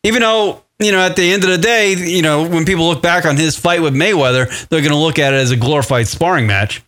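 A man's voice: a little high, fast talker. A man hosting a radio talk show, chatting casually, rambling and swearing a lot. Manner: rambling, swearing often, animated. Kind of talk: casual chat.

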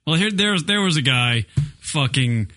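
A man's voice: on the high side, lively intonation, moderate pace, sharp tone. A man co-hosting an internet radio show in casual banter, swearing freely and asking incredulous questions. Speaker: co-host.

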